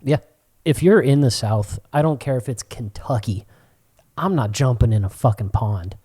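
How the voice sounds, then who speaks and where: A young man co-hosting a podcast, telling stories in casual chat with a lot of swearing and sudden high-pitched quoted voices. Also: normal speed, mellow, breathy edge. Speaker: podcast co-host.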